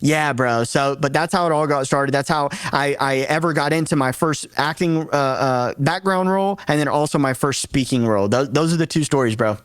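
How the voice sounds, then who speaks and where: A young man from Tennessee, a podcast guest telling lively stories in casual chat, repeating words and acting out quotes. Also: on the high side, fairly quick, hardly any pauses, smooth, no room sound. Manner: animated storyteller, repeats words, acts out quotes. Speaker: guest, actor and streamer.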